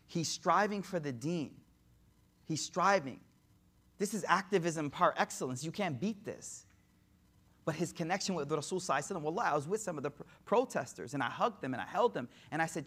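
A male preacher telling a story in a sermon, moving from impassioned, raised passages to hushed, tender ones. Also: a little high, expressive, brisk, breathy edge. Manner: emotive, swings between impassioned and hushed.

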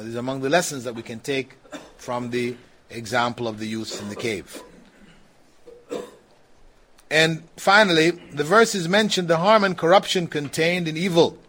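Chatty male Islamic teacher, slightly high voice. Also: a bit bright. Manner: conversational, laughs often, frequent "you know". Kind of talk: religious lecture with questions.

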